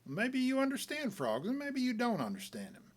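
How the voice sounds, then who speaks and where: A man's voice: extremely high pitch, wildly swooping pitch, normal speed, voice pushed up, heavily acted. A man doing a drawling frontier gambler. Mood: easy, careless. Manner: careless drawling, folksy dialect. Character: easygoing frontier gambler man, proud, folksy.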